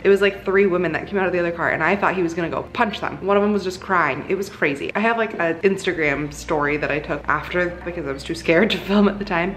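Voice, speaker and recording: A woman in her twenties vlogging casually to camera at home, excitable and gushing, with lots of fillers. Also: mid-range voice. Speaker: lifestyle vlogger. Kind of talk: casual vlog talk to camera. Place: apartment, indoors. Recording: echoey room.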